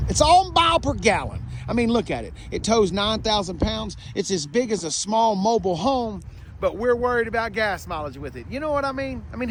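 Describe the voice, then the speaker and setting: A man, talking through a car review outdoors in a folksy, joking, excitable way. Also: high-pitched, gravelly, slight background noise. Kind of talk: casual car review vlog.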